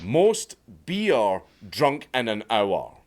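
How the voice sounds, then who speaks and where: A Scottish man delivering scripted commentary full of sarcasm and swearing. His pitch swoops around a lot while his tone stays mocking and dry. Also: extremely slow, soft background music. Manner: sarcastic and profane, deadpan mockery. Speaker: video commentator.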